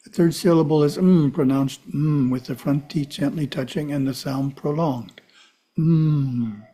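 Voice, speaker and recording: A man giving a calm, measured spiritual teaching talk, with side remarks to his listeners. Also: fairly high pitch, husky. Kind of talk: teaching talk to a live audience.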